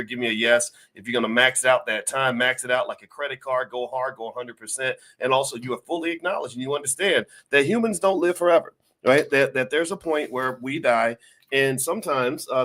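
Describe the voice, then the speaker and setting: A middle-aged man hosts a live finance stream, talking straight to his viewers in the chat. He is folksy and a little preachy, leans on fillers, and acts out small scenes to make his points. His voice sits at an ordinary mid pitch. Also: sharp tone. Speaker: finance professor and show host. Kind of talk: livestream talk to chat viewers.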